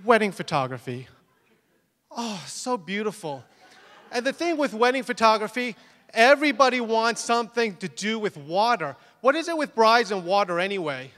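A man with a high, bright voice tells funny stories from his work to a conference crowd. He acts out scenes with animated energy and laughs at his own mishaps. His voice rings out through a large, echoing hall. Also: fairly quick. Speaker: speaker at a photography conference. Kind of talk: comic storytelling talk.

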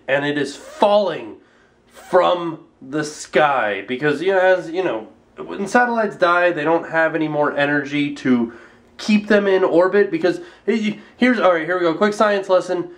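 A man vlogging to camera, explaining science in a jokey, animated way with self-mocking asides. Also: on the high side. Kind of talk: casual comic explainer vlog.

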